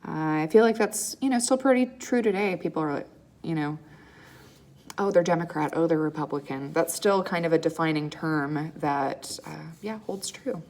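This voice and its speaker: A woman teaching a history lesson over slides in a relaxed, chatty way, often checking in with "okay?" and filling pauses with ums. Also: low-pitched. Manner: casual, checks in with "okay?" and "right?"; frequent ums and uhs, restarts. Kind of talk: recorded slide lecture.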